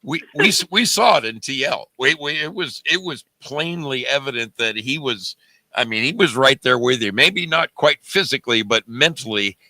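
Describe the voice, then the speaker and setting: A man's voice: mid-range voice, expressive, normal speed, no room sound. A man hosting a live call-in show, effusive and full of laughter, thanking a caller. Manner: effusive, warm-hearted, laughing. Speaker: host.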